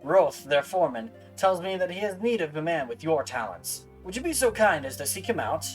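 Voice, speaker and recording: Guy doing a loud formal knight voice, slow and grand, music low behind. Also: sing-song, rough recording. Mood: stately. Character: loud, stately male knight commander. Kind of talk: reading game dialogue aloud with voices.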